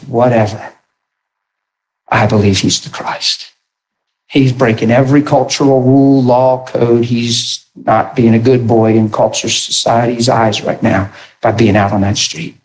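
A middle-aged man with a mid-range voice preaches a storytelling sermon, animated and lively. He often acts out characters and laughs along the way.

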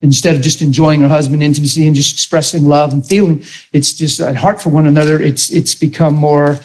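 A middle-aged man preaching a sermon, telling stories with animated emphasis. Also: on the high side, brisk. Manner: animated, rises to near-shouting when retelling a story. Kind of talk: sermon storytelling.

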